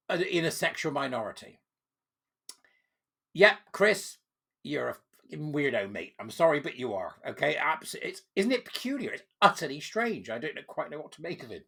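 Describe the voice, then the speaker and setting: Gravelly sarcastic man. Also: on the high side, very animated, a little fast, fairly bright tone. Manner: sarcastic, mocking, chuckling. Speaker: channel host. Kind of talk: reading aloud and commenting.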